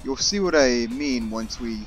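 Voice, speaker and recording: A man giving casual let's-play commentary, excitable, yelling and swearing at characters in the game. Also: mid-range voice, a little slow, faint music behind. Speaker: gaming YouTuber.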